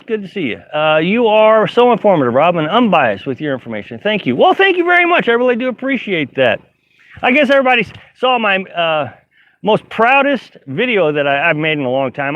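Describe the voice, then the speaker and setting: A middle-aged man with a high voice hosts a casual live stream from inside his camper, reading viewer comments aloud. He rambles, laughs a lot, and fills his speech with fillers and restarts. There's no room sound, and the live-stream audio is dull and lo-fi.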